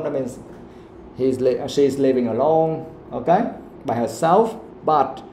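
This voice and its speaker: A man teaching an English pronunciation class, explaining slowly and checking in with "okay?" after nearly every point. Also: medium pitch, warm tone, reverberant, slight background noise. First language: Vietnamese. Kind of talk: live classroom lesson.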